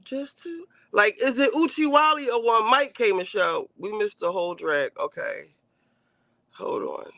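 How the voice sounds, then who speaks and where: A man hosting a casual livestream review of a reality show, ranting in an animated, profane way straight to his viewers. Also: high voice, unhurried, creaky, dry recording.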